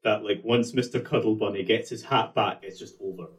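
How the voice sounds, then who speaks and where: A man's voice: lowish voice, fairly even intonation, a little fast. A man with a Scottish accent, chatting casually as a podcast co-host and giving dry, detail-minded asides. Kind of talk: casual chat.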